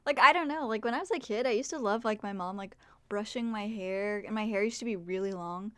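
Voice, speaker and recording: A young woman chatting on a live stream, rambling and self-deprecating, with "like" dropped into nearly every phrase. Her voice sits in a middle pitch and sounds smooth and clear. The sound is close and dry, with almost no room around it. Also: no room sound. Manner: rambling, heavy use of "like", self-deprecating, quick asides to chat. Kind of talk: casual live-stream chat.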